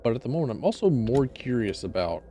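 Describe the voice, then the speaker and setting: A man's voice: mid-range voice, sing-song, quick pace, warm tone. Guy streaming a game, rambly and casual, swears a bit, faint music. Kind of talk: casual gameplay commentary.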